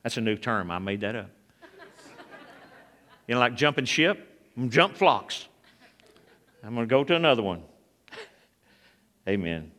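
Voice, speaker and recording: A man's voice: mid-range voice, lively intonation, unhurried, pauses often, fairly bright tone. A man preaching a sermon, calling out to the congregation and building to a fervent, raised delivery. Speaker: pastor.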